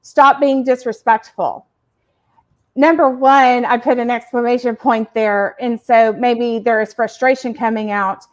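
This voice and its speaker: A woman co-hosting a parenting show, explaining points in a casual, warm way and laughing between them. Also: on the high side, steady tone, moderate pace, few pauses. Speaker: podcast co-host.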